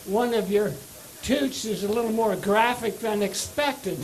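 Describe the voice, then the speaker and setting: Older man with a high squeaky voice. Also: very noisy. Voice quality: high squeaky voice after voice surgery. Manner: dry, self-mocking joke telling with wry pauses. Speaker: stand-up comedian. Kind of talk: stand-up comedy set. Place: comedy club stage before a live audience. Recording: live club recording with audience laughter.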